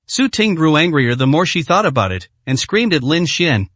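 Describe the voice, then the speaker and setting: A man reads a dramatic story aloud in a scripted narration, voicing every part himself. His voice sits a little high and moves about a lot in pitch. The sound is dry and close, with no room echo. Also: very animated, normal speed, few pauses, fairly bright tone.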